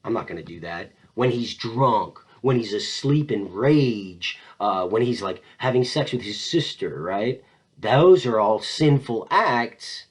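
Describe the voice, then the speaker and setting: Animated husky man lecturing. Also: mid-range voice, slow pace, poor audio. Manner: animated, acts out quoted lines in changing voices. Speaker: teacher. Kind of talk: casual literature lecture.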